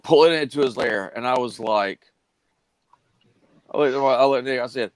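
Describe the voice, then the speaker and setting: A man's voice: mid-range voice, a little fast, long pauses, dry recording, rough recording. A man, telling a long story casually on a live stream with plenty of fillers and restarts. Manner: drawling, rambling with many fillers and restarts.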